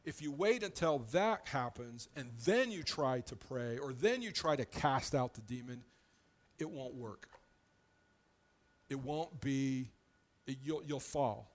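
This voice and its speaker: A man's voice: medium pitch, animated, unhurried. A man preaching a sermon as pastor, in a conversational, plain-spoken way, often restarting his phrases as he explains.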